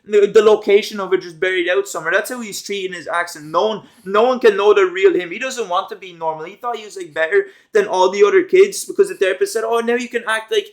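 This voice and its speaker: Young guy w a fairly high voice rambling thru a show recap, lots of um and like, super casual. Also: quick pace, hardly any pauses. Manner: rambling, filler-heavy, slangy. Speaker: show commentator.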